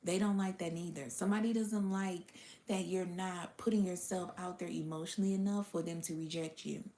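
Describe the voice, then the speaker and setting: A woman's voice: lowish voice, fairly even intonation, brisk, warm tone. Profane woman giving a spiritual reading. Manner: blunt and profane, drops into whispered asides. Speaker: spiritual reader addressing her audience. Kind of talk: casual spiritual reading monologue. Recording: roomy echo.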